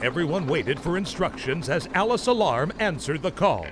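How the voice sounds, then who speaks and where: A man narrating a children's storybook in an animated, expressive way. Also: on the high side, moderate pace, few pauses. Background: music.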